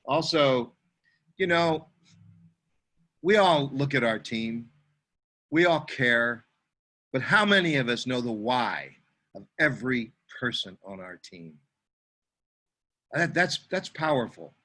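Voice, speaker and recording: A man in his fifties, a network marketing veteran, giving halting praise with many restarts on a video call. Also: medium pitch, expressive, sharp tone.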